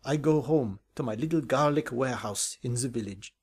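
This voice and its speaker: An actor playing a decrepit old castle guide with a hoarse, wheezing voice, speaking in slow, halting broken English. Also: male voice, mid-range voice, darkish tone. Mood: ominous.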